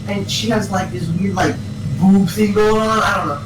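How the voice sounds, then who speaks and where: A woman's voice: mid-range voice, steady tone, moderate pace, reverberant, far from the mic, noisy background. A young woman giggling her way through a rambling, comic retelling of a film to friends. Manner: giggling, breaking into character voices. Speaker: storyteller.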